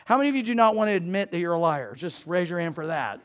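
High-voiced preacher man, loud then hushed. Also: expressive, quick pace. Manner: conversational preaching, jokes with the congregation, swings from loud to hushed. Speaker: pastor. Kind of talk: sermon.

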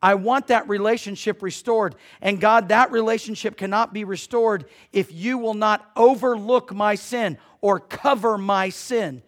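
Man, pastor, high-pitched, chatty sermon delivery with big swings in volume. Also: unhurried, few pauses. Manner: conversational preaching, jokes with the congregation, swings from loud to hushed.

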